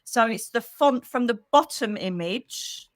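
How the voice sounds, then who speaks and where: A middle-aged woman with a British accent, a psychic medium hosting a casual livestream for members, chatty and animated with quick asides, speaking into a computer mic. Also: a little high, no echo, studio quality. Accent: British English. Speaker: psychic medium and channel host.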